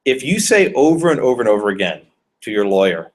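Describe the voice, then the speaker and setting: A man's voice: on the low side, fairly quick. A male law professor giving a conversational classroom lecture and questioning his students.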